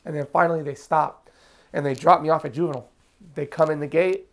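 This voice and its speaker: A man's voice: a little high, fairly even intonation, brisk. A man telling his own story in a casual interview, frank and emotional, acting out what others said to him. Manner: vivid storyteller acting out other people's lines. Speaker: interview guest.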